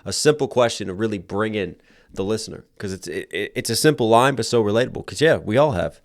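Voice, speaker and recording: A man's voice: fairly low pitch, expressive, fast, no room sound, studio quality. A man hosting a music reaction video, quoting lyrics back and breaking down the rhymes and delivery with enthusiasm. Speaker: reaction video host and rapper.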